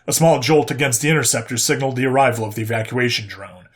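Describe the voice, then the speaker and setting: A man narrating a sci-fi story in a steady, plain storytelling voice. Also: mid-range voice, quick pace.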